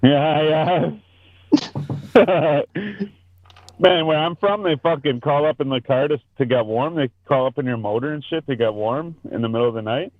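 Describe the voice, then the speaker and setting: A man's voice: fairly high pitch, normal speed. Man rambling over a tinny call line. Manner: rambling, profane storyteller. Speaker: podcast host. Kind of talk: casual chat over video call. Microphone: video call. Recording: dry, tinny phone-like call audio.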